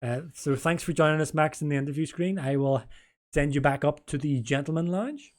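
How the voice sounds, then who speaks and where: A man's voice: a little high, fairly quick. A man hosting and interviewing on a casual live stream, rambling and correcting himself as he jokes along. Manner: rambling, self-correcting, jokey.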